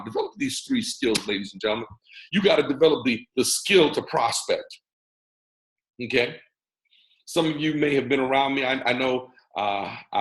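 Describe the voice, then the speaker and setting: American host, mid-pitched, preacher-style pep talk to a video call audience, echoey room. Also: male voice. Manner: lively and preacher-like, teasing the audience directly. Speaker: network marketing mentor and host.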